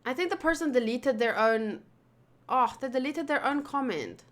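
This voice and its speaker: A woman's voice: high voice, expressive, normal speed. A woman streamer talking casually and rambling, swearing freely as she chats to viewers. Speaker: anime reaction streamer. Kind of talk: casual livestream chat.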